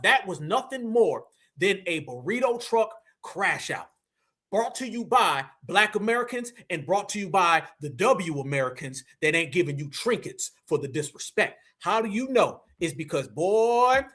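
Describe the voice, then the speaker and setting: A man's voice: sits high, big pitch swings, moderate pace, pushed and bright, husky. A man hosting a live stream, giving heated, emphatic commentary and repeating phrases for effect. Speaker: livestream commentator.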